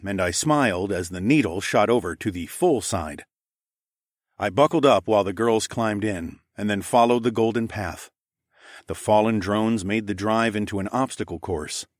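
A man narrates a first-person adventure story in a low, steady voice. He keeps an even storytelling pace, recorded close and dry. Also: dry recording. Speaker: audiobook narrator.

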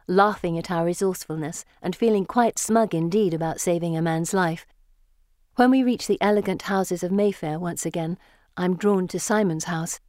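Woman, audiobook narrator, first-person story, measured, lyrical, dry close recording. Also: lowish voice, a little mellow, no echo.

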